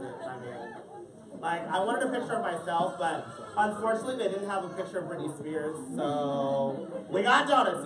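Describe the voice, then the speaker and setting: A drag queen reads a picture book to children slowly and animatedly in a medium-pitched voice, cracking playful jokes to the audience. The indoor event space is full of families, and the recording sounds distant and roomy, with echo and crowd noise.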